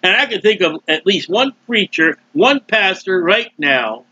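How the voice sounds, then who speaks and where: A man preaching a sermon loudly and emphatically, with mocking asides and sudden swings in his voice. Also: sits high, animated, normal speed, hardly any pauses, breathy edge, dry recording, dull audio. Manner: mocking asides and short laughs. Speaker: street preacher.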